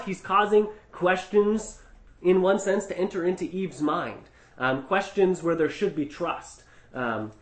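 A man's voice: on the high side, reverberant. A man preaching an expository Bible teaching in a conversational way, with rhetorical asides and frequent restarts.

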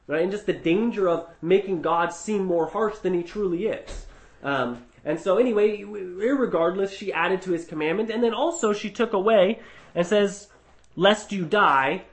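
A man's voice: high-pitched, roomy sound. A man preaching an expository Bible teaching in a conversational way, with rhetorical asides and frequent restarts.

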